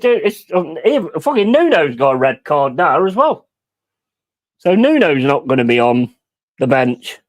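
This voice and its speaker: A man reacting live to a football match and ranting at the referee. He swears constantly. His voice swings widely in pitch as he rages. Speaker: watch-along host.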